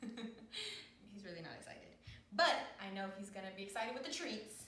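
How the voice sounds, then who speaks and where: A woman's voice: medium pitch, very animated, moderate pace, fairly bright tone. A woman vlogging as she trains her dog at home, talking playfully and cooing at him. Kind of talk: casual vlog, training a dog on camera. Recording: roomy echo with faint background hum.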